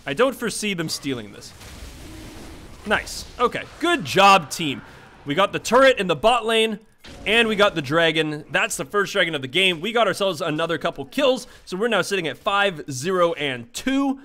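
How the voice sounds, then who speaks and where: A man giving chatty live commentary on his own gameplay, excitable and quick to swear at teammates. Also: high-pitched. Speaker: gaming streamer.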